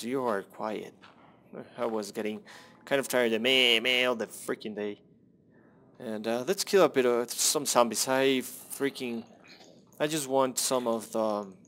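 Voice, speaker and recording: A man's voice: medium pitch, a bit bright. A young man casually commenting on his own gameplay, rambling, self-deprecating and swearing at the game.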